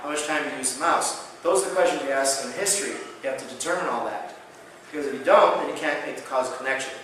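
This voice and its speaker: A man giving a conference lecture, telling patient stories in an animated way and acting out the dialogue. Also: medium pitch, fast talker, slight background noise. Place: large conference hall. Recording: echoey hall from far off.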